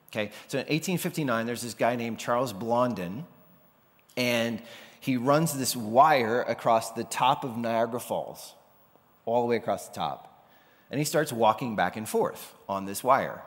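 A man's voice: mid-range voice, expressive, unhurried. A man preaching a sermon in a loose, conversational way, sometimes acting out the people he quotes. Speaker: pastor. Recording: long hall reverb.

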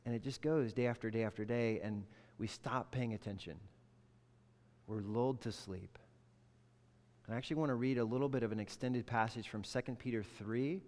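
Conversational pastor in a reverberant hall. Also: male voice, medium pitch, normal speed. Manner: conversational, animated storytelling. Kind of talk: sermon.

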